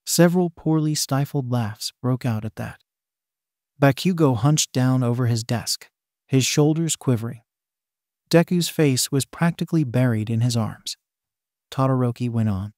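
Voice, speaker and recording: A man's voice: mid-range voice, moderate pace, dry recording. Man reading a story, dry close voice. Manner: steady, plain reading that keeps the story's swearing. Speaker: story narrator. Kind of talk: reading fan fiction aloud.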